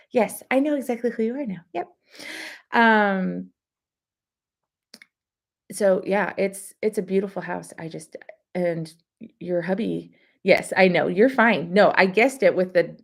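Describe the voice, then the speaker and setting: A woman's voice: medium pitch, unhurried, creaky. A woman hosting a casual live stream, rambling chattily and answering viewer comments as she talks.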